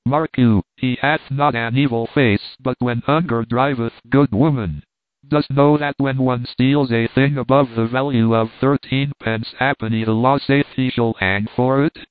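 A grave old judge speaks in measured, archaic phrases, gentle but formal, as a male narrator voices him. The audio is narrow and phone-like with no room sound. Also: medium pitch, fairly even intonation, no echo, natural voice. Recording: tinny phone-like line, dry.

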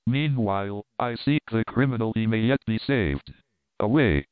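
A cold, commanding older Egyptian schemer speaks in a grave, measured way, as a male reader puts him on. The voice is crisp and dry, but the sound is thin and tinny, like a phone line. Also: lowish voice, animated, no room sound, lightly acted. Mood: stern.

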